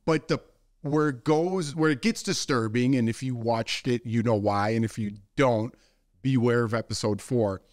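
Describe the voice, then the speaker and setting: A man in his forties, co-hosting a podcast in relaxed, rambling casual chat with lots of fillers. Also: medium pitch, normal speed, no room sound, studio quality. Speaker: podcast co-host.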